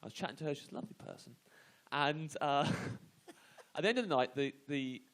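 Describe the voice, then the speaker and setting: A man comedian on a live radio panel, telling a self-deprecating comic anecdote in halting bursts with lots of restarts. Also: fairly high pitch, lively intonation, a bit bright.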